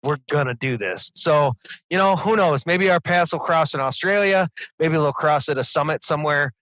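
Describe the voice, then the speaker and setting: A man's voice: on the high side, normal speed, a bit bright, no echo, low-quality recording. A middle-aged man co-hosting a casual podcast, enthusiastic, laughing often and repeating words as he talks. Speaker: podcast co-host.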